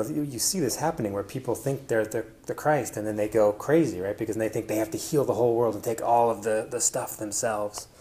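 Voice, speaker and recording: A man's voice: lowish voice, a little mellow. A man presenting to an audience in a casual personal style, rambling with many fillers and restarts. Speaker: conference presenter.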